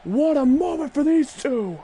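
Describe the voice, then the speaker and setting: A man calling a wrestling video game match play-by-play, excitable and often shouting. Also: very high-pitched, unhurried, slight background noise. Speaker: gaming channel host.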